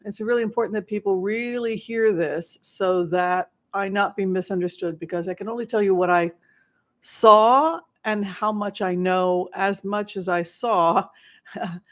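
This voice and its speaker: A psychic remote viewer answering questions live in a rambling monologue, with frequent restarts and acted-out quotes. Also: mid-range voice.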